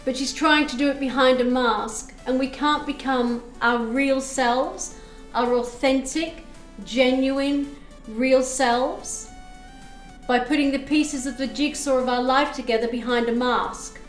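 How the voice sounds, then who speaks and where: Chatty high-voiced woman reading tarot live. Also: fairly even intonation, unhurried. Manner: chatty, reads chat aloud, thanks viewers. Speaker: tarot reader streamer. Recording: echoey room with faint music.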